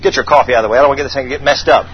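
A man putting on a stern, secretive old king, low hushed commands, dull muffled sound, faint hiss. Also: steady tone, very fast, lightly acted. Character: older stern secretive male king, a father.

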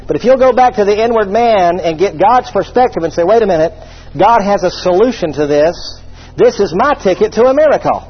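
A man preaching a humorous sermon, voicing imagined listeners and reading scripture slowly. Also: high-pitched, lively intonation, breathy edge, muffled recording.

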